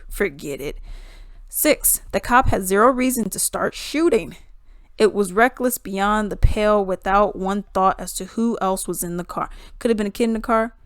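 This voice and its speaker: A woman giving casual, blunt commentary, animated and acting out what others said. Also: medium pitch, no echo, clean studio sound. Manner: blunt, animated, acts out quotes in voices.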